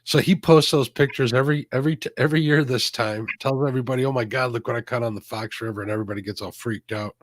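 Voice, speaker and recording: A man's voice: medium pitch, fairly even intonation, fast talker, few pauses, no room sound. A man co-hosting a fishing show, chatting easily, reading out viewer comments and telling a friend's story. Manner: easygoing, reads viewer comments, chuckles. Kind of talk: casual chat while fishing.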